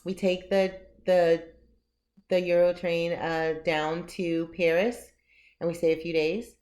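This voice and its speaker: A woman vlogger and author telling a personal story in a casual, animated way, often laughing as she talks. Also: on the low side, takes it slowly.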